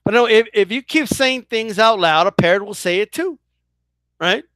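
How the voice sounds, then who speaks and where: A man with a high voice, ranting in a casual vlog, rises and falls all over. He swears freely, trips over his words and keeps checking "right?" with his viewers. The sound is bright and dry. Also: moderate pace, no echo. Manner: animated, stumbling restarts. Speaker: boxing commentator. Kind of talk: casual opinion rant.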